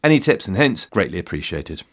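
A man's voice: sits low, very animated, a little fast, a bit bright, slightly rough. An English man in his fifties hosting a solo history podcast, wry and self-mocking, with theatrical asides. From England. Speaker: podcast host. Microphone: studio mic in a shed.

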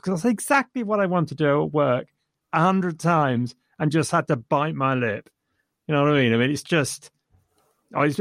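A man's voice: medium pitch, no echo, clean studio sound. A man discussing a film with enthusiasm, retelling funny scenes and chuckling as he goes. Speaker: film reviewer.

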